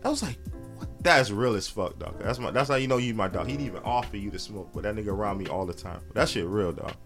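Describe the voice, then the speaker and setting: An easygoing man hosts a casual chat, spinning loose stories full of slang. His pitch swings widely and leaps up high when he acts out his own reactions. Faint music plays in the background. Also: lively intonation, fast.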